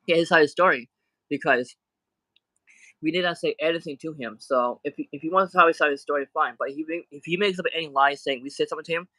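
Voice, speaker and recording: A man's voice: fairly high pitch, fast, pushed and bright, dry recording, rough recording. A man ranting on a livestream, indignant and heated, going back over the same points again and again. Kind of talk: angry livestream rant.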